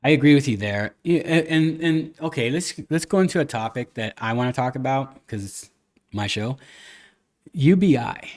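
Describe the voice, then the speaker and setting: A man's voice: mid-range voice, normal speed. Casual man hosting a podcast. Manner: animated storytelling, acting out quoted people. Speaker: podcast host. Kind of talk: casual chat.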